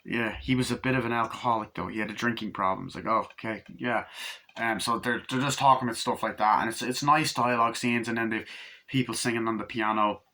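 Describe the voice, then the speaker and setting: Guy rambling about a movie he loves, swears a ton, lowish voice with a sharp edge. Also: steady tone, quick pace. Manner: rambling, enthusiastic, heavy swearing. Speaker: movie reviewer. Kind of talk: casual film review monologue.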